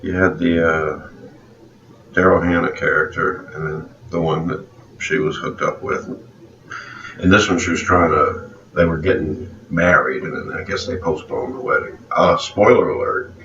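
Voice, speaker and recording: A man from South Louisiana co-hosting a casual movie chat, relaxed and opinionated, chuckling often. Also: low voice, moderate pace. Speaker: co-host of a movie review show. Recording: roomy, distant, dull, faint background hiss.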